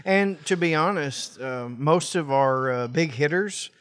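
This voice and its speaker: A man co-hosts a podcast in a wry, profane way. His voice sits a touch higher than most men's, and he stretches his words out. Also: fairly bright tone, clear, resonant tone. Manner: profane, wry, drawn-out delivery. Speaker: podcast co-host. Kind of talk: casual podcast banter.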